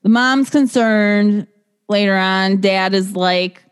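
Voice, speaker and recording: In a clean, medium-pitched voice at a slow pace, a woman casually recaps a film scene by scene. She's lively, laughs often, and acts out the quotes.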